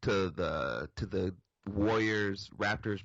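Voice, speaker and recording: A man co-hosting a talk show, telling a story in a relaxed, casual way. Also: low voice, takes it slowly, dry recording, lo-fi sound. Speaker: podcast co-host. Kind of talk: casual chat.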